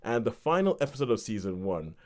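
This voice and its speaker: A man's voice: on the low side, sing-song, brisk. A man co-hosting a podcast, chatting casually and rambling through a review with laughs between points. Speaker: podcast co-host.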